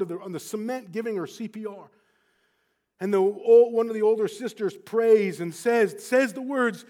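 Male preacher, high light voice, storytelling sermon that dips hushed then surges passionate. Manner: wide swings from hushed to impassioned.

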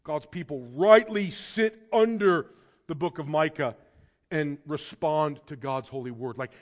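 A man preaching a sermon in earnest, swinging between hushed and emphatic lines, often repeating words as he starts a sentence. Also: fairly high pitch, unhurried. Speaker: pastor.

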